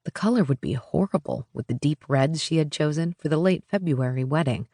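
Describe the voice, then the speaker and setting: A woman narrating a romance audiobook in a steady, even storytelling manner. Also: rumbling low, normal speed, few pauses, no echo, studio quality.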